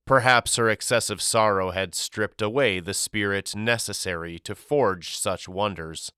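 A male audiobook narrator reads a storybook in a steady, clearly articulated way. His low voice has a bright, crisp edge. The recording is dry and close, with no room echo.

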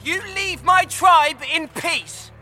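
An actor playing a plucky young caveman hero in an animated film, speaking in a bold, earnest way. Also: very high-pitched, takes it slowly, heavily acted. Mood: defiant.

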